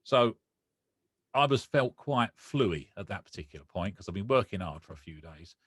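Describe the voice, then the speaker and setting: A man's voice: lowish voice, normal speed, husky, dry recording, clean studio sound. A man, a podcast guest, telling a personal story with feeling and acting out the conversations he recalls. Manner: emotional, animated retelling with quoted dialogue.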